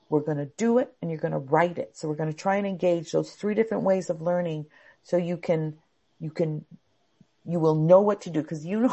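A middle-aged woman teaching a class on calming anxiety, explaining step by step and acting out anxious thoughts. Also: on the low side, gravelly, breathy edge.

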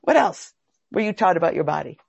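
A woman leads a group over a video call, her voice gravelly and a little husky and swinging widely in pitch. She keeps putting questions to the group. The sound is dry and somewhat dull. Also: brisk, no room sound. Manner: animated, asks the group questions. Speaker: workshop host.

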